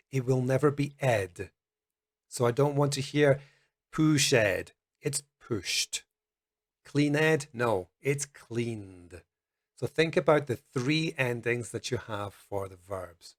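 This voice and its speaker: Man, English teacher, pronunciation lesson, slow deliberate delivery, mid pitch. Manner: slow, careful, demonstrates sounds. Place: Colombia.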